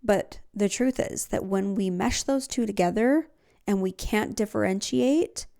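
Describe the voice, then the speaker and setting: A woman's voice: medium pitch, a little slow, gravelly, mellow. A woman hosting a podcast, talking earnestly in a casual self-help style and laughing often. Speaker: podcast host.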